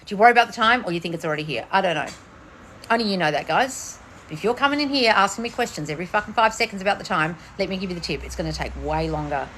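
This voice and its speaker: A woman manifestation coach, sitting outside for a casual livestream, races through viewer questions in an expressive, fairly bright voice. Blunt and swearing often, she alternates shrill bursts with low mutters against slight background noise.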